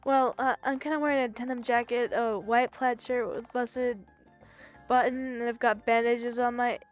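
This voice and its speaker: A stammering, self-pitying phone-headed loser with a high, bright voice, read by a woman streamer over faint music. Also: steady tone, moderate pace, close to an everyday voice. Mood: flustered.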